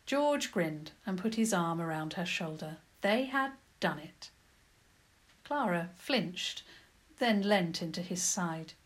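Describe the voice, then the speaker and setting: A woman narrating a children's adventure story in a lively, expressive storytelling manner. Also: on the low side, unhurried.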